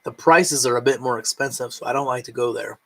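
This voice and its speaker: A man's voice: medium pitch, fairly quick, noisy background. A drunk man rambling casually on a late-night live stream at home, swearing and chewing food as he talks.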